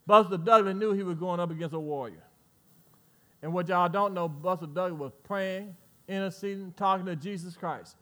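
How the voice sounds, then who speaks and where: High, bright-voiced preaching pastor. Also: male voice. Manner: preaching with swells of volume and playful asides to the congregation. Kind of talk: sermon.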